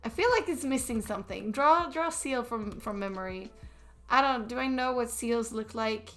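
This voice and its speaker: This young Swedish woman, speaking with a Swedish accent, has a high-ish, slightly bright voice at normal speed. Chatting while drawing on stream, she rambles through restarts and fillers as faint music plays.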